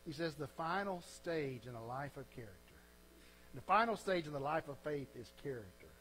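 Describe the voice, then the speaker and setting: A man's voice: on the high side, big pitch swings, normal speed, fairly bright tone, slight background noise, rough recording. A man preaching a sermon as a pastor, telling folksy stories and closing in earnest prayer.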